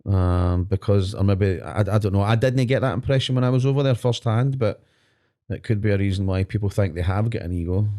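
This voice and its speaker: Glaswegian man with a dark, mellow voice. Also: on the low side, a little fast. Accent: Glaswegian Scottish. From Scotland. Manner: rambling, joking, self-deprecating. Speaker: podcast co-host. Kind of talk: casual chat. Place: podcast studio.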